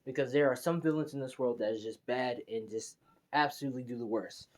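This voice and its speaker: A man voicing a calm, reluctant young male vampire lord, in a plain, low-key delivery. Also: fairly quick, a little hiss or hum, natural voice. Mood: resigned.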